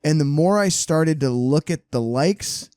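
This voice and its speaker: A man's voice: a little high, unhurried, no room sound. A man co-hosting a casual podcast, telling rambling, profane stories. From California. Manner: rambling, profane, animated storyteller. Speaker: podcast co-host. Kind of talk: casual chat.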